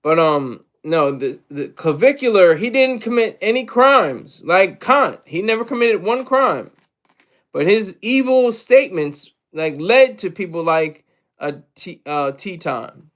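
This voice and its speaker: A man's voice: high-pitched, very animated, a little slow, fairly bright tone. A man hosting a casual livestream, rambling with many fillers and repeats, and asking viewers for tips. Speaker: livestream host.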